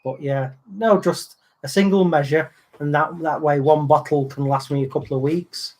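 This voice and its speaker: Guy, fairly high voice for a man, just chatting and telling stories. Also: steady tone, moderate pace, darkish tone. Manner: chatty storyteller, acts out other people's lines. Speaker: co-host of a livestream chat. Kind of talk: casual chat.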